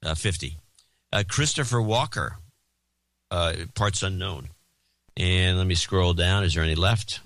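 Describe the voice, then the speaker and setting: A man's voice: low voice, a little slow, pauses often, a bit bright, no room sound. A man co-hosting a podcast, reading out donor names in casual banter and joking as he stumbles over foreign names. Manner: jokey, mangles and repeats foreign names. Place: Oakland, California.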